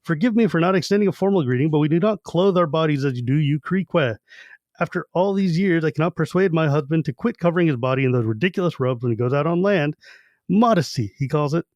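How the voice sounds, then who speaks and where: A man co-hosting a podcast, recapping a book in casual chat and acting out the characters in quick quoted bits. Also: fairly high pitch, lively intonation, a little mellow, no echo. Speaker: podcast co-host.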